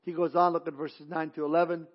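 A man delivers a sermon, reading scripture and then slowing right down to drive home key words. His voice sits fairly high. The recording is dull and muffled. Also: flat delivery. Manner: preaching with emphatic slowed stresses on key words; reads scripture aloud, with small restarts. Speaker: pastor.

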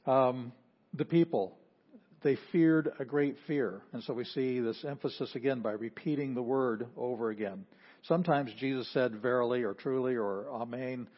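A pastor preaching a sermon, explaining patiently and repeating phrases for emphasis. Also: male voice, medium pitch, moderate pace. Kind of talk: sermon teaching. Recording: slightly dull lo-fi audio.

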